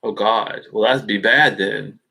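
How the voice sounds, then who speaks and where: A man hosting a casual live stream from home, thinking aloud in a halting way with many fillers and restarts, speaking into a webcam. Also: lowish voice, gravelly, bright, forceful tone, husky. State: hiccups.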